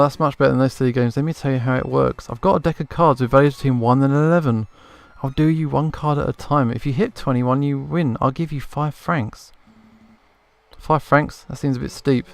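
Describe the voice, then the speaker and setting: A man's voice: medium pitch, steady tone, a little fast, creaky, soft background music, close to an everyday voice. A man voicing a pushy, persuasive male gambler in a video game tavern. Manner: wheedling, persuasive.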